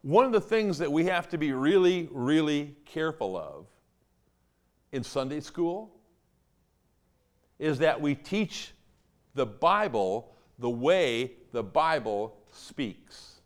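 A male pastor preaching a sermon, emphatic and animated, acting out the quotes he tells. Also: a little high, takes it slowly.

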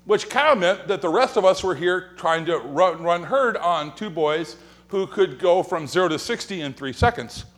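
A man's voice: high-pitched, moderate pace. A man preaching a sermon as pastor in a church sanctuary, telling humorous stories and acting out quoted lines. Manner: animated, joking storyteller who acts out quotes and whispers.

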